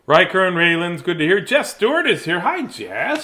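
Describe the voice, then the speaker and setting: A man's voice: sits high, big pitch swings, moderate pace, sharp tone. Playful, sing-song man hosting a live stream. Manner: playful, greets viewers by name, sing-song asides. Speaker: host reading bedtime stories to kids. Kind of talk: casual live-stream chat.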